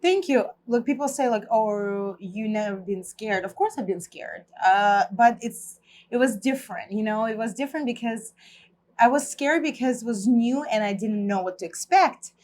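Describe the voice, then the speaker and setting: Russian-accented woman telling lively stories. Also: fairly high pitch, normal speed. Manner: lively storyteller, laughs often. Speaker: guest. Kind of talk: casual interview chat.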